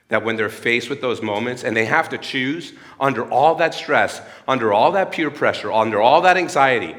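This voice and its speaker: A man in his thirties delivers an earnest, sermon-like talk in a church hall, his medium-pitched voice fairly bright and trailed by a long reverb.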